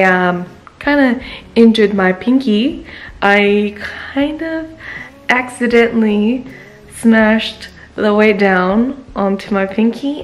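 A woman's voice: mid-range voice, fairly bright tone. A young woman, chatting casually to camera in a vlog, giggly and full of "like" and "literally". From Australia. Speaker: vlogger.

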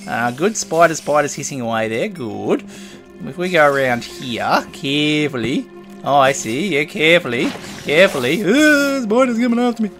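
A man's voice: a little high, animated, moderate pace, fairly bright tone, soft background music. Chatty man narrating his gameplay. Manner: chatty, playful, talks to creatures in game. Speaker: gaming video host. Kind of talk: casual gameplay commentary.

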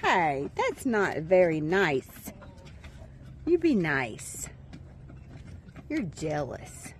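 Her voice sits on the low side but swings widely in pitch, with drawn-out words and long pauses. Filming her farm animals outdoors by phone, the woman uses loving baby talk with them and chats to viewers as chickens cluck, roosters call, and faint outdoor noise carries in the background.

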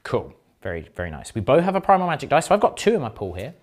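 A man's voice: mid-range voice, wildly swooping pitch, very fast. A man playing a tabletop wargame and talking through his turn in casual, playful commentary, with sudden sing-song exclamations. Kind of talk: casual battle report commentary.

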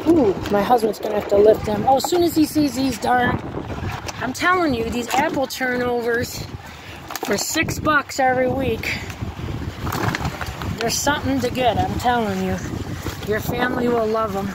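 A woman's voice: on the high side, normal speed, long pauses, background noise. A woman vlogging casually, blunt and fired up, swearing as she rants about being treated badly. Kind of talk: casual ranting vlog.

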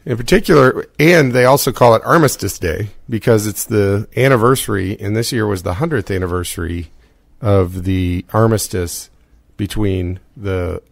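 A man's voice: fairly low pitch, normal speed, gravelly, no room sound. A middle-aged American man hosting a podcast, chatting casually, laughing often and rambling. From United States. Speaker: podcast host.

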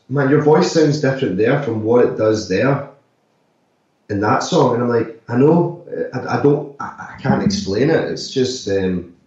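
An actor and musician talking loosely in an interview, full of "like" and "sort of" fillers. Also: male voice, lowish voice, darkish tone. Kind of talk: casual interview talk. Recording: echoey, distant, slightly dull remote audio.

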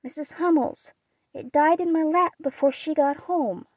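A woman voicing a gentle, shy young girl in an audiobook reading, speaking softly and earnestly. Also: fairly high pitch, normal speed, dry recording, pitched above the performer's own voice. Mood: sad. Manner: soft, quiet, earnest.

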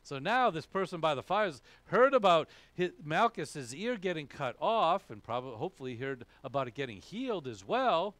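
Man, boston accent, pastor preaching, chatty, animated pitch, rising and falling. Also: moderate pace, few pauses, no room sound. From New England, USA. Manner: conversational, frequent "okay?" asides. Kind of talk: sermon.

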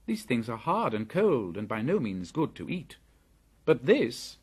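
Fearless jungle boy, man voicing him, raised pitch, lively, slightly husky, proud, storybook audiobook. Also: unhurried. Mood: eager. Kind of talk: audiobook character voice.

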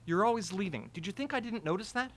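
A woman reading aloud voices a sharp-tongued young college woman, pointed and exasperated. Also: medium pitch, expressive, fast, voice pushed up, lightly acted. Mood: reproachful.

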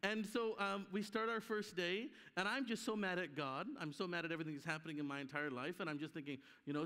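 This Canadian preacher, a man with a high voice, rushes along with hardly any pauses in his storytelling sermon at a church conference. He animatedly acts out quoted voices, and the room's echo is audible.

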